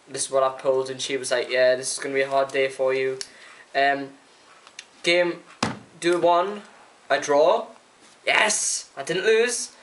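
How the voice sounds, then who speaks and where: A young man, chatting excitedly through a casual vlog recap, full of fillers and acted-out quotes. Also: medium pitch. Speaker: card game player reviewing a tournament.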